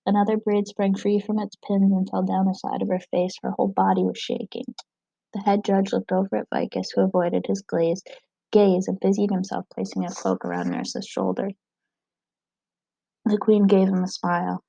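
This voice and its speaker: A woman reading a novel aloud, narrating in a steady, even way. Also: medium pitch, moderate pace, vocal fry, no room sound, highs cut off. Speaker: audiobook reader.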